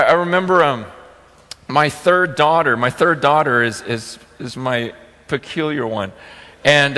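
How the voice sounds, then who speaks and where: Middle-aged male pastor, high voice, earnest preaching that breaks into loud acted-out quotes, heard in a reverberant sanctuary. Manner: earnest, storytelling, acts out quotes loudly. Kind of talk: sermon.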